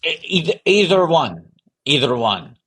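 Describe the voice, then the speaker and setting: A man's voice: on the high side, big pitch swings, unhurried, fairly bright tone, slightly rough. A man hosting a charity livestream, joking in casual banter and reacting with disbelief to what his co-hosts do. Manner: incredulous, joking, reads chat comments aloud.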